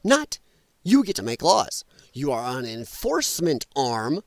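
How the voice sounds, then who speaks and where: A man's voice: medium pitch, wildly swooping pitch, a little slow, no echo. Angry, swooping man ranting on a livestream. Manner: angry, blunt, profane, ranting. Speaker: livestream host. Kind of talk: heated political livestream rant. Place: at his computer while streaming.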